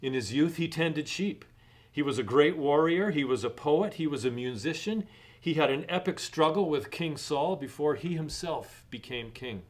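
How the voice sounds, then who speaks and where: A middle-aged man pastor preaching a sermon in a measured way, rising in emphasis on key points. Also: on the high side, expressive.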